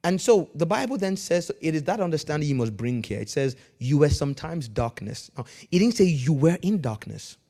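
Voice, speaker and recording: Emphatic preaching man, fairly high voice. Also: sing-song, a little fast, hardly any pauses. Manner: emphatic preaching, swings from quiet to loud; calls on the congregation to respond. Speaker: pastor. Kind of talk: sermon.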